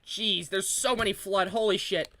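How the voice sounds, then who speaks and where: A man's voice: high-pitched, fairly even intonation, normal speed, bright, forceful tone. A man streaming a game, chatting casually with his viewers, laughing often and swearing freely. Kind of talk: casual livestream chat.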